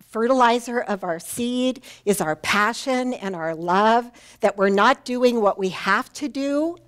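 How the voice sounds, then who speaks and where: A woman minister speaking slowly and deliberately from the pulpit. Her voice sits a little high for a woman, and she tells personal stories with earnest warmth. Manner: warm, personal storytelling with heartfelt pauses. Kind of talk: sermon. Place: church sanctuary.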